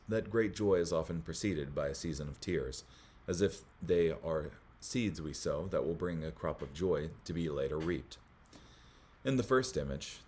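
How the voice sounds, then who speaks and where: A man hosting a Bible study, reading commentary aloud in a measured way, with small slips that he corrects as he goes. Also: extremely low pitch, darkish tone.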